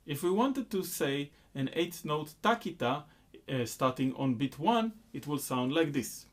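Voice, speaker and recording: A man teaching a rhythm lesson at an unhurried pace. His voice rises and falls a lot as he explains, and he stops often to chant the syllables out loud. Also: on the high side, lively intonation, a little hiss or hum. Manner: slow, patient explaining, breaking into chanted syllables and claps. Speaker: music teacher.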